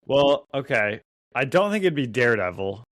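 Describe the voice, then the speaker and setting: A man's voice: medium pitch, very animated, normal speed, a bit bright, no echo, clean studio sound. A man co-hosting a podcast, chatting casually and easily, with some hesitant fillers. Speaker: podcast co-host.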